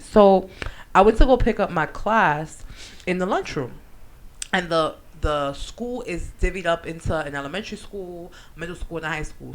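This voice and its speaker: A young woman hosting a radio show, telling stories in a slangy, animated way with plenty of laughter. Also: fairly low pitch, rough recording. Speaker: radio show host and teacher. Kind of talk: casual radio banter and storytelling. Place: radio studio.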